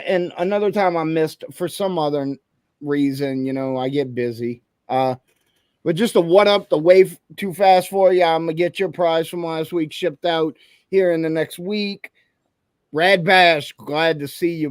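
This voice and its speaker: A fairly high-voiced man hosts a casual livestream, talking loosely and shouting out to people in the chat. His voice sits close and dry, with no room sound around it. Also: dry recording. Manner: loose and rambling, greets viewers in chat. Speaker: livestream host. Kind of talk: casual live show chat.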